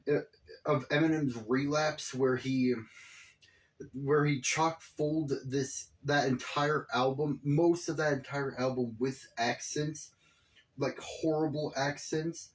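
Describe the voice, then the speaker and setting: A man giving casual, profane reaction commentary on a video, exasperated and rambling. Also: mid-range voice.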